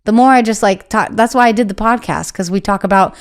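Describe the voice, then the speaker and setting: A woman's voice: mid-range voice, quick pace. A young woman talking candidly as an interview guest, chatty and full of "like" fillers, acting out the voices she quotes. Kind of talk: casual interview chat.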